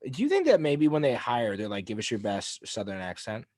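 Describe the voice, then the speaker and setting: A man's voice: mid-range voice, wildly swooping pitch, brisk, darkish tone, dry recording. A man co-hosting a casual podcast chat, rambling and self-mocking, often trailing off mid-thought. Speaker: podcast co-host.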